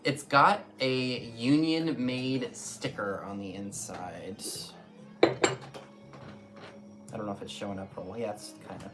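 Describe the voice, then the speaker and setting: A man's voice: fairly low pitch, slow pace, long pauses, loud music behind the voice. A man selling antiques on a live stream, talking casually and easygoing while showing items. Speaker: antiques seller.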